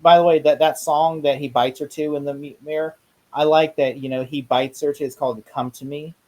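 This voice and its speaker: A man in casual chat about a horror movie, talking excitedly and acting out lines in voices. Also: a little high, a little fast. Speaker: co-host discussing a horror movie.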